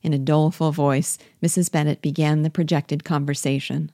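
A woman reading a classic novel aloud, calm and even. Her voice sits low and mellow, and the recording is close and dry. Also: moderate pace, no echo. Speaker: reader guiding a book. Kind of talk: read-aloud novel narration.

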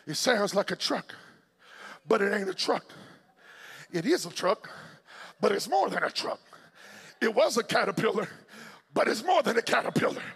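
A man preaching a sermon in a church with rhythmic, repeating phrases that build up to shouting. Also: high-pitched, lively intonation, normal speed, pauses often, breathy edge, in a large hall.

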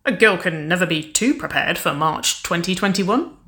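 A woman's voice: lowish voice, lively intonation, moderate pace, bright, forceful tone. A woman voicing a playful, cheeky young woman, the younger sister, in an audiobook reading.

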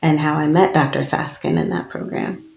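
A woman's voice: sits low, sing-song, normal speed, vocal fry. A woman in her thirties, a spiritual speaker, telling a personal story in an earnest, reflective way during an interview. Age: 30s. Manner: earnest, personal, with soft laughs. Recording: echoey room.

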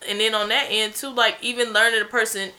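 A woman's voice: fairly high pitch, level tone, fast, sharp tone, poor audio. A woman co-hosting a podcast, giving her views bluntly in casual chat. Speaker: podcast co-host.

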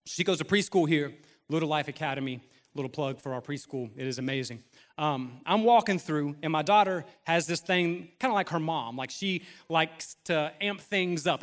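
A man's voice: a little high, a bit bright, long reverb tail. A man in his thirties preaching a sermon in a conversational style, mixing humor and playful acted asides into the message. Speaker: pastor.

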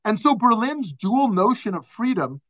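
A man's voice: high voice, very animated, normal speed, a bit bright, muffled recording. A man teaching a class as a rabbi over a video call, thoughtful and searching, with frequent restarts and fillers.

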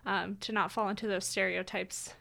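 A woman's voice: medium pitch, flat delivery, normal speed, vocal fry, bright, forceful tone. A young woman co-hosting a radio talk show, chatty and thoughtful in casual conversation. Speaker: radio co-host.

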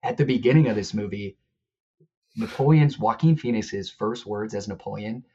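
A man's voice: on the low side, normal speed, darkish tone, muffled recording, slight background noise. A man who is a guest on a movie podcast, talking in a rambling way with crude jokes. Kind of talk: casual movie chat.

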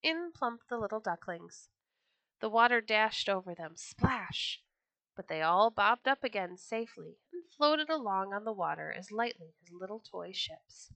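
Female storyteller, children's book reading, expressive, bright and dry. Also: mid-range voice, normal speed, gravelly, dry recording.

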